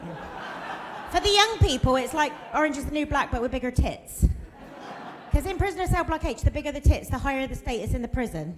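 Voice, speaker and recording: A woman's voice: sits high, a little hiss or hum. A woman, doing a bawdy stand-up set and chatting with the crowd. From Plymouth, England. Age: 40s. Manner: bawdy, chatty, laughing at her own jokes, quizzing the crowd. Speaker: stand-up comedian. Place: comedy club room.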